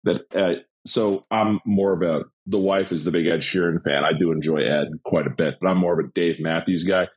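Male co-host, very deep raspy voice, dry deliberate humor. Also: fairly even intonation. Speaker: podcast co-host. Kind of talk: casual chat.

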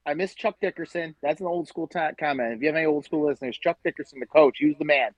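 A man's voice: a little high, quick pace, no echo, lo-fi sound. A man from Western New York, ranting with lots of profanity as a guest in a casual podcast chat. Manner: profane, ranting, animated storytelling. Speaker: guest, tailgate group leader.

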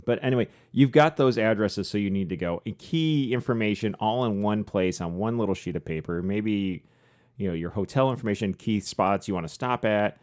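A man's voice: lowish voice, a little fast, darkish tone. A man co-hosting a podcast, chatting casually and rambling with frequent laughs. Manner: rambling, conversational, laughs often. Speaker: podcast co-host. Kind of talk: casual chat.

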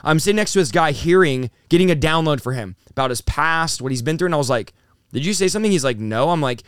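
Being interviewed casually, a thirty-something pastor and preacher tells his story fast and excitably, with lots of "dude" and "bro." His voice is smooth and fairly high-pitched, recorded in studio quality with no room sound.

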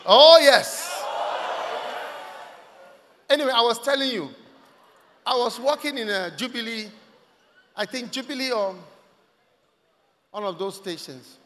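Bright, lively preacher in a big hall. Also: male voice, extremely high pitch, moderate pace, pauses often. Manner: swings from hushed asides to loud shouted exclamations. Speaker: pastor. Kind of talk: sermon. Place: large church hall. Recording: long hall reverb.

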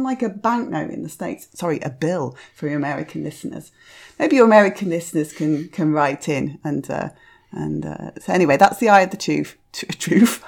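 A middle-aged woman hosting a podcast, chatting in a rambling, self-deprecating way with quiet asides. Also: on the low side, vocal fry. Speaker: podcast host. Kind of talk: casual chat reviewing cards.

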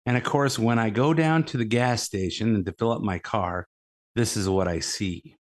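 A man's voice: on the low side, normal speed. Rambling, argumentative male commentary host. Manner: rambling, repeats words and fills with uh; argumentative, scornful of opponents. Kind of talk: casual opinion monologue.

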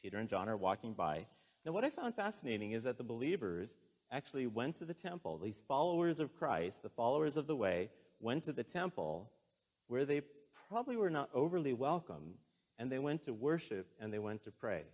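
A man preaching a sermon in a relaxed, conversational way, telling a story earnestly and with emotion. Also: mid-range voice, brisk.

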